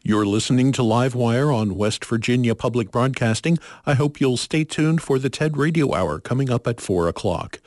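A male station announcer of middling pitch, reading an underwriting credit plainly and steadily. His voice is dry and close, with no room sound. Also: moderate pace, few pauses, darkish tone, no echo.

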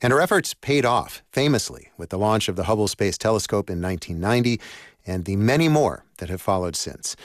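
A man with a fairly low voice reads a radio news story. His delivery is measured and clear. The studio sound is dry. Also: no room sound. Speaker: news reporter. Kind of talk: scripted radio news narration.

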